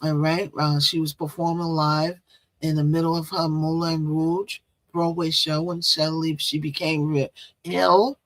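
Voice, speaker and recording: A woman's voice: level tone, measured pace, no room sound, rough recording. Teasing woman hosting a gossip livestream. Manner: teasing, loud sudden jumps in pitch; chatty, repetitive. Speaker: live-stream show host. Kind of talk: casual live-stream gossip talk.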